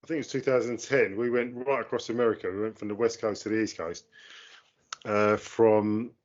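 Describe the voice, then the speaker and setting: A man talking in a measured way, telling anecdotes in a casual chat. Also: on the low side, fairly even intonation. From London, England. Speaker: guest. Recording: dull lo-fi call audio.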